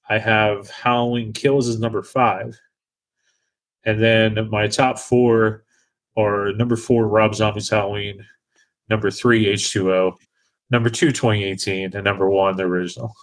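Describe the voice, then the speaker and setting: A man's voice: lowish voice, steady tone, measured pace. A man hosting a casual podcast chat, talking with frequent restarts and hesitations. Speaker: podcast host.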